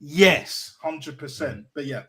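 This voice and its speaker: Man, guest, husky voice, slangy, sweary, animated banter, video call. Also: fairly high pitch, slow. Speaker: guest on a fan show. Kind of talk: casual banter.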